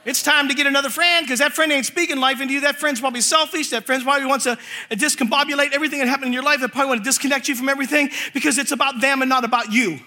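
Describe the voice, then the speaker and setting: High, bright-voiced animated preacher man. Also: very fast. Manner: animated storytelling with acted quotes and laughter. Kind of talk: lively comic sermon. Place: church in front of a congregation.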